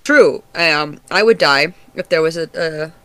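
A woman's voice: low voice, slow pace, bright, forceful tone, clean tone, dry recording. A woman co-hosting a podcast in casual chat, playful and jokey, rambling from one thought to the next. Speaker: podcast co-host.

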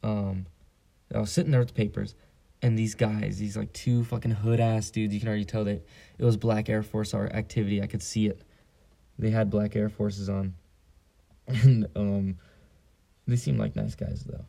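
A man's voice: on the low side, flat delivery, normal speed, gravelly, pauses often, mellow. A teenage boy hosting a casual solo podcast, telling a joking, profane story. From San Diego. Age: teens. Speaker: podcast host.

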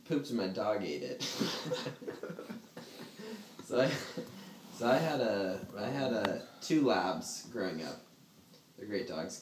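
A man with a lowish voice tells a rambling story in a group chat, laughing and using plenty of fillers. It's casual chat, recorded with a roomy echo and background noise.

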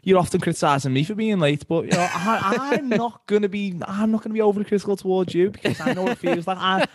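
A man co-hosting a casual chat, joking and laughing often with quick restarts. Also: high voice. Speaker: podcast co-host.

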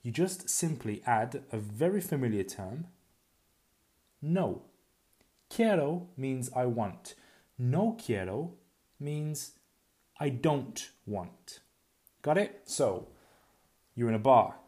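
A man teaching a recorded language lesson, drilling words slowly and repeating them, chatty and a little self-deprecating. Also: mid-range voice, big pitch swings, warm tone. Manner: slow, repetitive drilling with pauses for practice.

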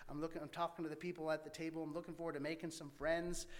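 A man with a slightly high voice tells a personal story from his past. He talks earnestly and haltingly, full of fillers and restarts. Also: little pitch movement. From American Midwest. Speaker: speaker sharing his life story.

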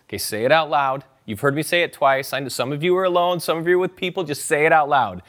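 A man's voice: fairly high pitch, fast talker, few pauses, fairly bright tone. A man preaching a sermon as pastor, talking conversationally and urging his listeners to join in and repeat scripture aloud. He is a parent. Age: adult parent.

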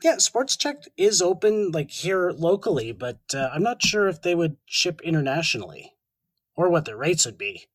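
A man's voice: a little high, big pitch swings, moderate pace, no room sound, rough recording. A Canadian man co-hosting a podcast, chatting casually, joking and laughing easily. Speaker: podcast co-host.

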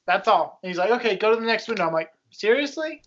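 A man's voice: high voice, very fast, a crowd in the background. A young man casually telling a rambling, self-mocking story as a podcast co-host. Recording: dull lo-fi sound.

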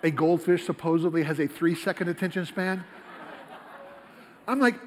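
A man giving a lively, rapid-fire, joking talk to a live audience in a lecture hall. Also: fairly high pitch, slight background noise. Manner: rapid-fire, animated, jokey, talks to the crowd. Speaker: creationist speaker.

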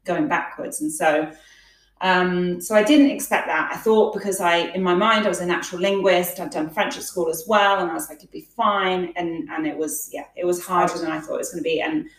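A woman's voice: fairly low pitch, fairly even intonation, a little fast. A woman guest in a casual interview, telling stories in a chatty way with many fillers. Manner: chatty, storytelling, frequent fillers. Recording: echoey room, distant from mic.

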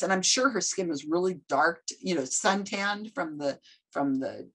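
Lively, husky woman telling stories. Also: fairly low pitch, unhurried. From United States. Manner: animated storyteller acting out quoted voices. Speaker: guest. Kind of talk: casual podcast interview.

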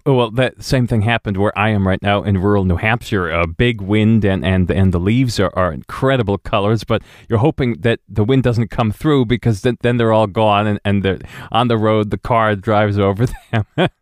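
A man's voice: on the low side, moderate pace, few pauses, no room sound, clean studio sound. A man hosting an interview, chatting casually with frequent stammered restarts. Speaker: interviewer host, cellist. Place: rural home.

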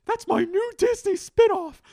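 Squeaky cartoon male hen, silly and sing-song, pitched way up. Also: unhurried, gravelly, mellow, no room sound, studio quality, exaggerated voice. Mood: goofy. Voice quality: squeaky, very high falsetto.

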